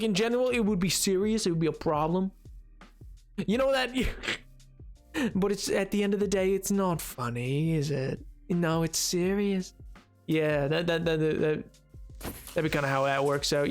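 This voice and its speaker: A male streamer with a high voice chats aimlessly over his gameplay, tossing in internet slang and plenty of fillers. Faint music plays in the background. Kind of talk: live game-stream commentary.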